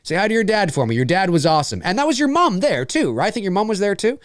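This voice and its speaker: A man's voice: high-pitched, big pitch swings, quick pace, no echo, studio quality. A man from Canada hosting a casual live-stream Q&A, rambling, repeating phrases and reading out viewers' comments.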